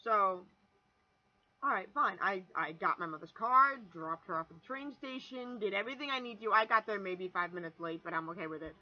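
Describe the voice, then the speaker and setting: A young woman in her twenties telling a rambling, animated story on her vlog, swearing freely and restarting sentences as she goes. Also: mid-range voice, brisk, muffled recording. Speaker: vlogger.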